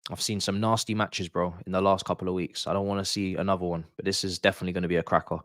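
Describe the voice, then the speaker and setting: A young man, doing excited, slangy live commentary for a football watch-along stream, repeating himself as he reacts. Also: low-pitched, rapid-fire, no room sound, studio quality.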